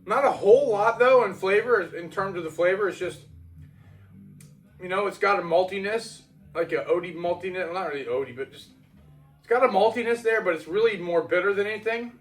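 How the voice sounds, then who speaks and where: A chatty man casually reviewing homebrew beer, rambling and stopping to correct himself mid-thought. His voice sits fairly high for a man. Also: a little fast, soft background music.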